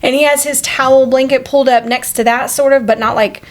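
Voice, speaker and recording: A woman in her forties co-hosting a podcast, telling a story in a casual, animated and profane way. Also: high-pitched, brisk. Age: 40s. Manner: animated, profane, acts out quoted voices. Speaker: podcast co-host.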